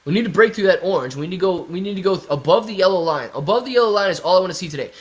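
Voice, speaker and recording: Young male streamer, slightly high voice, chatty and excitable, reads chat aloud. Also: racing. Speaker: stock market livestream host. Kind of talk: casual live-stream chat reading viewer comments.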